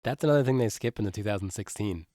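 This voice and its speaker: A man's voice: lowish voice, quick pace, dark tone, dry recording. A man co-hosting a podcast, summarizing movie scenes in a dry, wry way. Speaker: podcast co-host. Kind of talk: casual film discussion.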